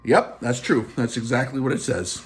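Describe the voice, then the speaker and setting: A man voicing a calm, honest old priest who explains things plainly and matter-of-factly. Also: mid-range voice, normal speed, pitched below the performer's own voice, natural voice. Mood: calm explaining. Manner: calm, unbothered and matter-of-fact.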